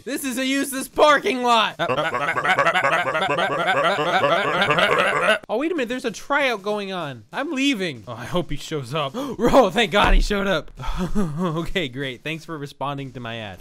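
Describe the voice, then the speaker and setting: An excitable man gives gameplay commentary with constant laughter and sudden shouts. His voice sits high and bright and swoops widely up and down. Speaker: gaming YouTuber.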